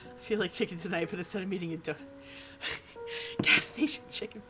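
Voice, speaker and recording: A woman from New Jersey is live streaming a casual chat over music, her voice fairly low and her speed normal. She sounds frustrated, swears freely, and keeps restarting her sentences.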